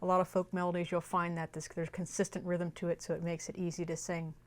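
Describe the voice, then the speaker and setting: A woman's voice: on the low side, flat delivery, quick pace. A young woman teaching a music lesson, explaining a melody and singing short phrases to illustrate it. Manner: explains then sings phrases. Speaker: music educator. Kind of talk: music lesson with sung examples.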